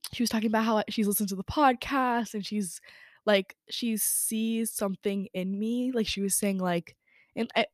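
A woman's voice: medium pitch, dry recording, studio quality. A young woman hosting her own podcast, chatting candidly about her day and feelings, with lots of "like" and some swearing. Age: young adult. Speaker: podcast host. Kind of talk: casual personal chat. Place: indoors by a window.

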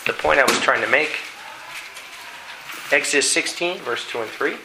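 A man preaching a sermon, telling a dramatic story in an animated way and reading scripture aloud. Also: medium pitch, normal speed, background noise. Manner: animated storytelling, acting out voices.

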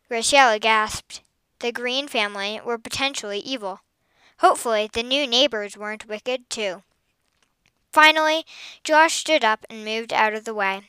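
A woman reading a children's story aloud with expressive, lively storytelling. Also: fairly high pitch, moderate pace, smooth, no room sound.

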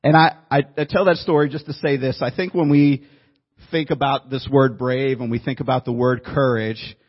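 A man's voice: mid-range voice, highs cut off. A man preaching a sermon to a congregation, telling a story in a conversational way and joking with the room. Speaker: pastor. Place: church room before a congregation.

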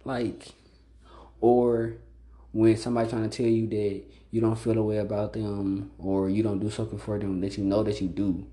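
Blunt, profane man with a dark, low voice. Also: little pitch movement, fairly quick. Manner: blunt, profane, repeats "like" constantly. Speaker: podcast host. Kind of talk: casual solo monologue.

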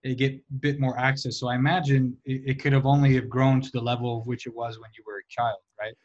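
A man hosting a casual talk, asking quick follow-up questions. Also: medium pitch, level tone, darkish tone. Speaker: podcast host. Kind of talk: casual chat. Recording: dull lo-fi sound.

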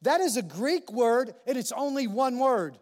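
A male pastor preaching a sermon in a church, animated and emphatic, repeating key phrases for weight. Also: extremely high pitch, measured pace. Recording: long reverb of a large hall.

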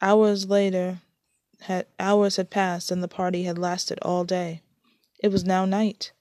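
A woman reads her story aloud in a plain, unhurried way, now and then stumbling and restarting a phrase. Her voice is fairly low. The recording is close and dry, with no room around it. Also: little pitch movement, a little mellow, no echo.

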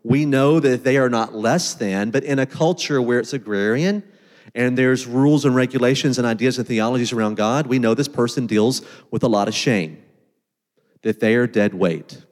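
A man delivers a sermon in a relaxed, talky style, his voice sitting at an ordinary middle pitch. His asides and loose phrasing keep it conversational. The sound trails off in a long church-hall reverb. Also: normal speed. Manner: conversational, animated preaching with asides and filler words. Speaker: pastor.

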